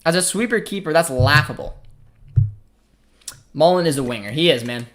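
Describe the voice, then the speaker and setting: A young Canadian man with a Canadian accent hosts a live football watchalong, talking casually over the match. He reacts to the play as it happens and reads out messages from the chat. His voice sits a little higher than most men's. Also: lively intonation, normal speed, a bit bright, a little hiss or hum. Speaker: watchalong host.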